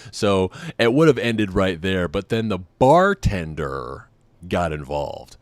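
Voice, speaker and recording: Low-voiced man telling a rambling story. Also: big pitch swings, slow, dry recording. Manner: self-deprecating, rambling, frequent laughs. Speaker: podcast host. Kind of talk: casual storytelling monologue.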